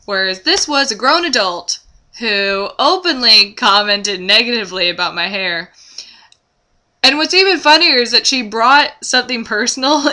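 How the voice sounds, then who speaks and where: Bright-voiced young woman vlogging. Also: on the high side. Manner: animated storytelling, many fillers. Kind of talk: casual chat to camera.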